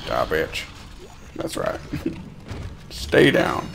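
A man streaming a horror game, swearing, laughing and yelling at enemies. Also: mid-range voice, huge pitch swings, moderate pace, vocal fry. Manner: crude, jumpy, swearing, laughing. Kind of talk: live gameplay commentary. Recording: game music behind. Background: horror game music.

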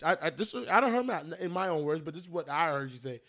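Young man hosting a casual podcast, high voice, profane, rambling, restarts a lot, a bit tipsy from drinking. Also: fast talker, few pauses. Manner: rambling, profane, restarts often, animated storytelling. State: has been drinking. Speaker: podcast host. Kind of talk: casual chat.

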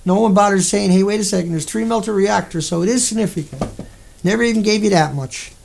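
A man with a Newfoundland accent hosts a livestream and rants in a heated, rambling, profane way. His voice sits high for a man and has a gravelly, fry-laden edge. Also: quick pace, darkish tone, a little hiss or hum. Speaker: livestream host. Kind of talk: angry livestream rant.

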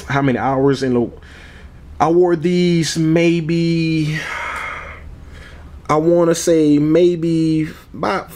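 A man talks casually in a sneaker vlog, relaxed and easygoing, with a middle-pitched voice. He often tacks on "man" and "you all", and he chuckles as he goes. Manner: laid-back, repeats "man" and "you all" a lot. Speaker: sneaker vlogger. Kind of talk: casual chat.

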